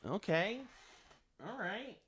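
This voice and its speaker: A male streamer with a bright, forceful voice that sits slightly high for a man. He thinks aloud as he scrolls, breaks off into asides to his viewers, and talks into a desk microphone at home. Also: animated, slow, slightly rough. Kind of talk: live game-stream commentary.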